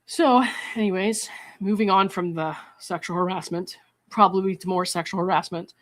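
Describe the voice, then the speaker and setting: A woman's voice: on the low side, fairly even intonation, normal speed. A woman hosting a commentary channel, reading text messages aloud and breaking in with indignant, exasperated remarks.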